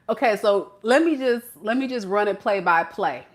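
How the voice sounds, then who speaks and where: A woman tarot reader giving a reading to the camera in an animated, playful, slangy way, laughing often. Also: medium pitch, moderate pace.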